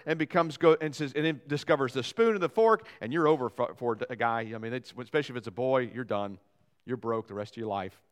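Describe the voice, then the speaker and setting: A man preaching a sermon as pastor, lively and joking, acting out quotes and asides. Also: a little high. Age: young adult or middle-aged, father of young boys.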